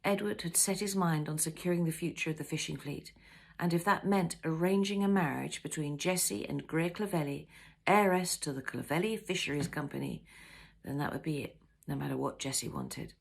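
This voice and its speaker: A woman's voice: low-pitched, normal speed, vocal fry. Woman reading her own novel aloud. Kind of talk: storybook narration.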